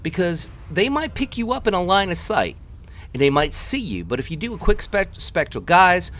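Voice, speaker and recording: A man's voice: high voice, very animated, normal speed, fairly bright tone. A man in his thirties from the New York area talks over his gameplay like he's chatting with friends. He rambles, teases his viewers and lets his voice swing widely up and down as he tells a story. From New York area, United States. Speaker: gameplay commentator.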